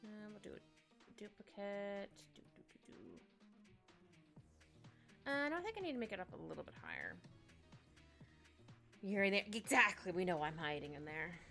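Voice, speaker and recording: Chatty, giggly woman with a lively voice. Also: mid-range voice, moderate pace, gravelly, long pauses. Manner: rambling and giggly, full of little asides. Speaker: digital artist streaming her drawing. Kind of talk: casual live-stream chat while drawing. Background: soft background music.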